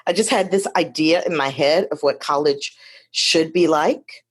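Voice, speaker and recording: A woman in her fifties from Detroit, a guest telling her life story in a lively, chatty way with many asides. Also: low voice, a little slow, breathy edge. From Detroit, USA. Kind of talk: casual storytelling conversation.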